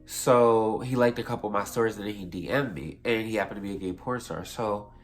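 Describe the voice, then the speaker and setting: A man's voice: lowish voice, brisk, faint music behind. Young man telling a rambling story. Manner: rambling, profane, self-correcting. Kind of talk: casual storytime vlog.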